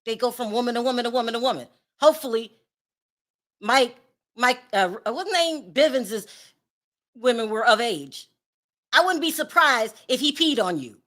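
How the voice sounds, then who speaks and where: Bright, sassy woman dishing gossip. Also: a little high, expressive, normal speed, pauses often. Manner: blunt, sassy and dismissive. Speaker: celebrity gossip host. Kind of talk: casual commentary.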